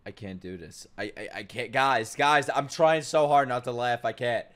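A man's voice: medium pitch, moderate pace, a little hiss or hum. A man hosting an anime reaction, exclaiming, swearing and joking as he watches. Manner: animated, exclaiming, swearing, cracking jokes. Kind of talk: live anime reaction commentary. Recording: show's music playing behind the voice. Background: anime soundtrack music.

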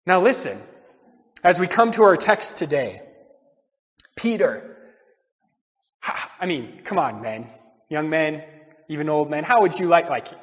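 High-voiced preacher in an echoey church. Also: male voice, lo-fi sound. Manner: earnest preaching, swings between loud declarations and quiet asides. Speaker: pastor. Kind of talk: sermon.

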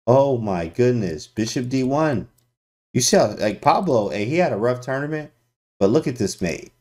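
A man streaming chess analysis to his chat in a casual, slangy way with sudden loud exclamations. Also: mid-range voice, expressive, normal speed. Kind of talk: casual livestream commentary.

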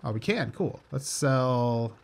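A man's voice: mid-range voice, expressive, takes it slowly, vocal fry. A man casually commenting on his gameplay, upbeat and chatty with dry sarcastic asides. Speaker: let's play host.

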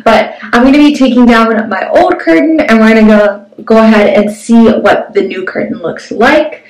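A woman's voice: a little high, moderate pace. A young woman reviewing a shower curtain in a casual, upbeat vlog, talking with lots of "um" and "like". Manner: chatty, upbeat, with frequent "um" and "like". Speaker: product reviewer. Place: small home bathroom. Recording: echoey bathroom, mic at a distance.

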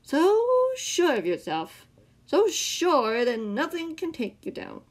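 A woman's voice: high voice, very animated, normal speed, darkish tone, pitched above the performer's own voice, exaggerated voice. A woman voicing a mysterious male caller who mocks and taunts a boy in a mocking tone. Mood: taunting.

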